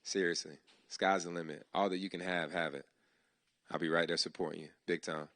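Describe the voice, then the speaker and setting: A startup demo day host speaks live to an audience in an event hall, thanking his team in a heartfelt, slangy, easygoing way. He has a low, slightly bright voice with fairly even intonation and a brisk delivery. No room sound is present.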